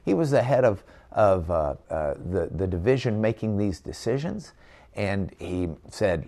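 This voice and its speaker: A man's voice: fairly low pitch, lively intonation, unhurried, dark tone. A man interviewing, telling the story in an emphatic, indignant way.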